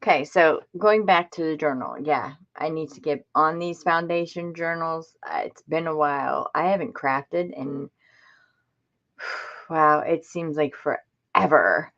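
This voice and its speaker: A woman's voice: deep voice, measured pace, fairly bright tone, lo-fi sound. A woman vlogger chatting casually to her viewers, telling rambling stories. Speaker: crafting vlogger.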